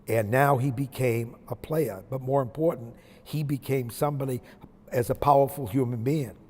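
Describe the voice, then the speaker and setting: A man's voice: mid-range voice, moderate pace, darkish tone, long reverb tail. An older man from Maine, a retired basketball coach, telling folksy, reflective stories from his career in an interview. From Maine, USA. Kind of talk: interview storytelling.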